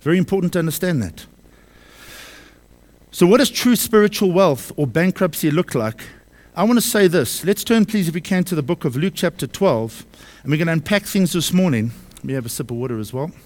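Male pastor, slightly raised pitch, emphatic sermon delivery with repeated lines and rhetorical questions. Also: expressive, a little fast, darkish tone. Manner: emphatic, repeats key phrases and asks the congregation questions. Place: church service.

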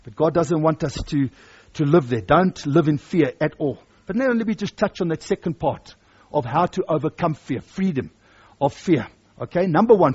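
A man's voice: on the high side, expressive, normal speed, a little mellow, breathy edge, highs cut off. A man preaching a sermon, emphatic and repeating his key phrases for weight.

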